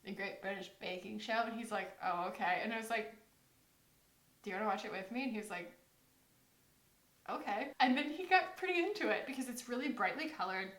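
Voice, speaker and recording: A young woman from the United States talks casually to her camera, rambling from one thought to the next and quoting people in lively asides. Her voice sits high, and the room around her is echoey. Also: a little fast, long pauses. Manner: chatty, rambling, quoting others in animated asides. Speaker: beauty vlogger.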